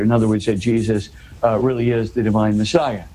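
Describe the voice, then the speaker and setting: Earnest man with a mellow voice. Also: on the low side, little pitch movement, a little fast, slight background noise, low-quality recording. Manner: earnest, repeats words and tags points with "right?" and "you know". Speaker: interview guest explaining scripture. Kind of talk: explanatory conversation.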